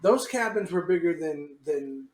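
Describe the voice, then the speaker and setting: A man with a fairly high voice co-hosting a casual podcast, chattily filling in details for his co-host. The recording sounds roomy, with echo off the walls. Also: animated, unhurried. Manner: explanatory, chatty, adds details. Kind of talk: casual chat. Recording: roomy loft.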